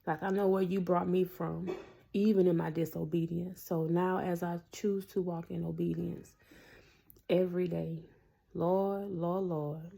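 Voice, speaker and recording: A woman's voice: on the low side, little pitch movement, normal speed, gravelly, warm tone, husky. A woman in a casual, earnest faith talk to camera, preaching to her viewers with lots of fillers. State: tearful at times. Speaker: Christian vlogger.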